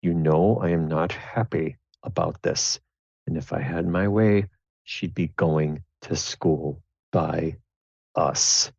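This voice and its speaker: A man voicing a gruff, disapproving middle-aged father who speaks tersely and grudgingly. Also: deep voice, fairly even intonation, takes it slowly, a little mellow, no echo, muffled recording, full character voice.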